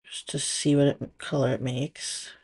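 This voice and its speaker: A woman's voice: extremely low pitch, flat delivery, unhurried, a little mellow, breathy edge. A woman casually demonstrating nail strips, chatty and thinking aloud as she works. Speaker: nail product stylist. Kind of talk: casual product demo.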